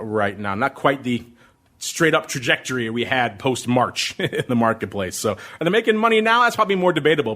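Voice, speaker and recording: Middle-aged male host, a touch high-pitched, excitable and quick to ramp up while answering listener mail. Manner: excitable, fast, ramped-up delivery. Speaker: podcast host. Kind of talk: listener mail Q&A on options trading.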